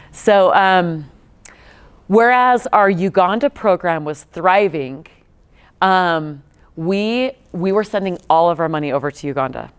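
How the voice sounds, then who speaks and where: A fairly low-pitched, clear and resonant female voice belongs to a thirtysomething nonprofit co-founder. As a guest speaker in a lecture room, she tells students stories casually, often restarting and using fillers.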